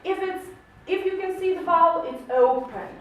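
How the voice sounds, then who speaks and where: A woman's voice: extremely high pitch, moderate pace, fairly bright tone. A woman teaching an English lesson to a class, patient and encouraging, explaining with lots of questions. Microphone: camera mic from across the room. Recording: echoey classroom from far off.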